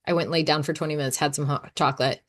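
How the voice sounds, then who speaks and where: A woman in her thirties hosting a casual solo podcast, talking in a chatty, animated way and laughing often. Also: low-pitched, very fast. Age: 30s. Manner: chatty, animated, acts out her own quotes. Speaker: podcast host.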